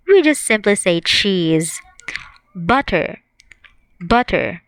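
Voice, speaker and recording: Slow, patient woman teaching a lesson. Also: mid-range voice, animated, a bit bright, dry recording, rough recording. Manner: slow, clear, repeating each word for learners. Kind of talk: online language lesson.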